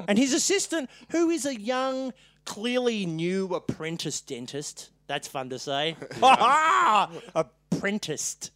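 A podcast co-host telling a story in casual chat, animated, laughing often and swearing freely. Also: medium pitch, slow, no room sound, studio quality.

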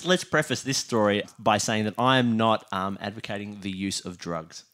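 A man's voice: fairly low pitch, normal speed, a bit bright, faint music behind. A man co-hosting a casual show, telling an anecdote in a hesitant way, full of restarts and chuckles. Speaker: podcast co-host.

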